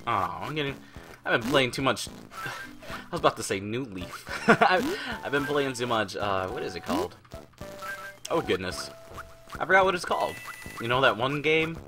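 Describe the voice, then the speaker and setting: A man casually commenting over his video game, rambling, playful and quick to swear. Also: mid-range voice, sing-song. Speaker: gaming channel host. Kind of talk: casual let's-play commentary. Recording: game music playing under voice. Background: video game music.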